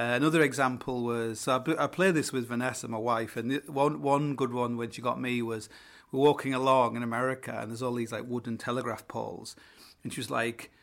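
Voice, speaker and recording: A middle-aged man with a northern English accent tells a story in a loose, rambling way, hosting his own show. His voice has a gravelly, creaky edge. It sits at an ordinary pitch, and he peppers his talk with fillers and casual swearing. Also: a bit bright. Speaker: podcast host.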